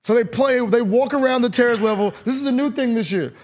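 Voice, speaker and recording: A man's voice: very high voice, fast, a little mellow. A man co-hosting a sports talk show in a laid-back, slangy way. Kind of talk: casual chat.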